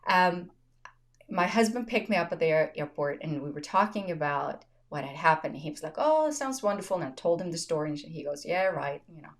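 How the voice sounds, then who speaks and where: A woman's voice: deep voice, brisk. A woman hosting a podcast, telling personal stories in casual chat, often laughing and voicing quoted dialogue. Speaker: podcast host. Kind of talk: casual conversational storytelling.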